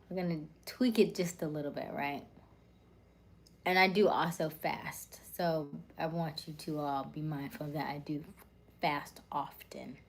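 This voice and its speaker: Soft-spoken woman with a low, soothing voice. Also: slight background noise. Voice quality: soothing, warm and calm voice. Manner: soft-spoken, often dropping to a near whisper. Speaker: live-stream host. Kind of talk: casual live-stream chat reading viewer comments.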